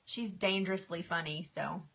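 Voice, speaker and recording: Bright-voiced chatty woman. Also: fairly low pitch, steady tone, normal speed, creaky. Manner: chatty, emotional, laughs often, reads viewer comments aloud. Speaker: livestream host. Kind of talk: casual live stream chat.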